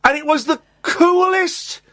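A man, hosting a radio show and telling a rambling, animated story in a studio. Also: very high-pitched, a little slow, dry recording. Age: 40s. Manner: animated, rambling, self-interrupting. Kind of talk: casual on-air storytelling. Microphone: studio microphone.

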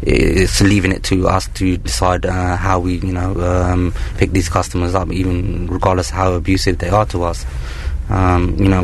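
A man calling in as a cab driver, speaking hesitantly and slowly with many fillers. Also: deep voice, slight background noise. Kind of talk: phone-in call.

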